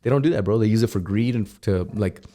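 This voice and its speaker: A radio DJ man from El Paso talks quickly in a podcast studio. His voice sits fairly low, and he tells animated, profanity-laced stories. The talk is loose and rapid-fire. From El Paso, Texas. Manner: fast, profane, animated storyteller. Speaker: radio DJ guest. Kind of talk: casual podcast chat.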